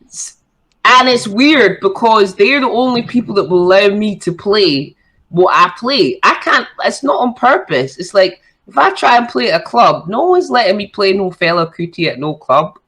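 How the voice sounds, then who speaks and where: A woman's voice: mid-range voice, expressive, normal speed, a bit bright, husky, low-quality recording. A woman chatting as a radio show guest, talking in a loose, filler-heavy way. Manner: chatty, lots of fillers and likes. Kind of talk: casual radio chat.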